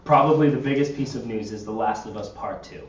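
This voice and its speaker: A man's voice: medium pitch, fast, background noise. Man, podcast host, rambling explainer, roomy dull recording. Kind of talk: casual podcast chat. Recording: roomy, distant, dull lo-fi sound.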